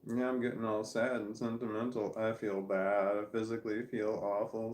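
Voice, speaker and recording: A man's voice: lowish voice, flat delivery, moderate pace, a little mellow, slight background noise. A man vlogging from home, chatting candidly and wandering from thought to thought with a self-deprecating tone. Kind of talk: casual rambling monologue to camera. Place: at home in a room, with a puppy in his lap. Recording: roomy echo.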